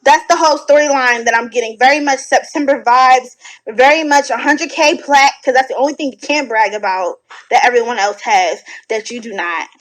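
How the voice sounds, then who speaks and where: High-pitched woman ranting at home, sassy and blunt, cusses a lot, animated. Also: fairly quick, rough recording. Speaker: online commentator reacting to videos. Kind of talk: casual reaction commentary. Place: home at night.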